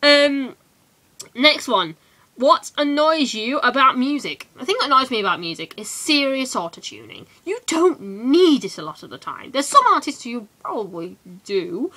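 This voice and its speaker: A teenage woman from England ranting in a casual vlog, animated and full of quick asides. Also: high voice. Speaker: vlogger.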